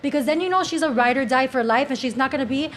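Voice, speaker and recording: A woman's voice: high voice, quick pace, fairly bright tone. A woman with a Cuban accent, a panel guest speaking openly and earnestly in casual talk. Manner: open, candid, earnest.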